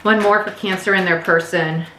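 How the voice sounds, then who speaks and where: A woman's voice: mid-range voice, steady tone, normal speed, pushed and bright, roomy sound, slight background noise. A woman giving a casual, chatty tarot reading, speaking candidly and swearing now and then. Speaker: tarot reader.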